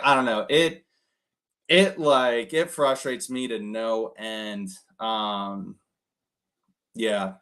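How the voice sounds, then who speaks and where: A man's voice: mid-range voice, fairly bright tone. A young man giving casual coaching talk as host, rambling with many fillers and acted-out quotes. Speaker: host coaching cold callers.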